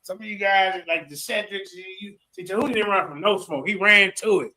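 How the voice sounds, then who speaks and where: A man's voice: sits high, fairly quick, pushed and bright, low-quality recording. A man commentating on a debate stream in a hyped, boastful, slangy manner.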